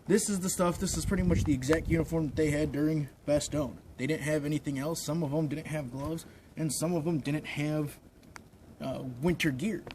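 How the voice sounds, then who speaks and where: A man talks casually and a little haltingly, feeling the cold as he stands outdoors in falling snow. His voice sits somewhat high for a man. Clear background noise runs under the whole recording. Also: steady tone. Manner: rambling, informal, restarts often. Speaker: WWII reenactor vlogger. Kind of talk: casual show-and-tell vlog. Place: outdoors in snowy weather.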